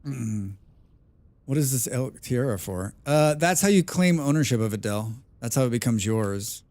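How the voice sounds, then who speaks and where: A loud, excitable man streaming a survival game and chatting with his viewers. His voice is smooth and clear at an ordinary pitch, recorded close and dry with no room sound. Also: moderate pace, dry recording. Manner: loud and excitable, calls himself a passionate speaker.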